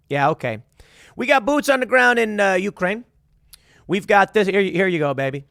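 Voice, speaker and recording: A man's voice: sits high, normal speed, creaky, no room sound, studio quality. A man hosting a political commentary show, talking in a sarcastic monologue and mocking the people he quotes. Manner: animated, sarcastic, acts out quotes in mocking voices.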